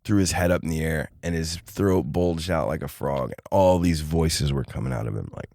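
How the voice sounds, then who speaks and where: A man with a very low, deep voice tells a long personal story in a relaxed chatty way. He acts out the people in his story, and his voice jumps up when he quotes them. The sound is dry and close, with no room echo. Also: moderate pace, vocal fry. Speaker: podcast guest. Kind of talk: casual storytelling.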